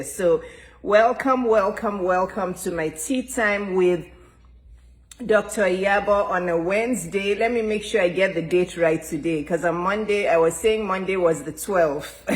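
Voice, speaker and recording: A woman's voice: medium pitch, low-quality recording. A woman hosting a live talk show from home, repeating her greetings and welcomes, with a cough drop in her mouth. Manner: warm and repetitive, greets and welcomes over and over. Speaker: host.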